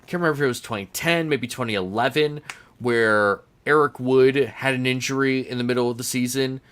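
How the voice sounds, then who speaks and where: A man with a bright, forceful voice hosts a relaxed sports podcast. He rambles through his thoughts in a chatty way and laughs easily. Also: mid-range voice, fairly quick, clean tone. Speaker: podcast host. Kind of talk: casual sports chat.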